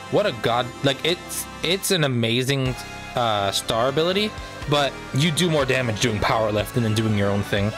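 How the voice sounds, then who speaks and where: A man casually commenting on his own gameplay, joking and excitable, correcting himself as he goes. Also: mid-range voice, moderate pace, music in the background. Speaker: let's play gamer.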